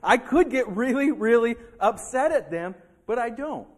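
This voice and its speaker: A man's voice: extremely high pitch, moderate pace. A male pastor delivering a sermon in a church, acting out heated arguments between people. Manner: animated preaching, acting out heated quotes. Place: church sanctuary.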